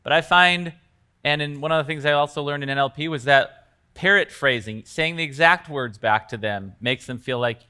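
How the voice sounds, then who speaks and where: A man's voice: fairly high pitch, moderate pace, pushed and bright, smooth. A man teaching coaches at a live workshop in a conversational way, acting out bits of example dialogue. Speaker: coaching trainer.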